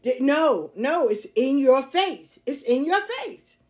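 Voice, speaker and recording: Woman host, blunt and emphatic delivery, voice sits a bit high, casual solo podcast. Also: sing-song, slow pace, darkish tone. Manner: blunt, emphatic, repeats catchphrases, laughs often. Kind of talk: casual monologue.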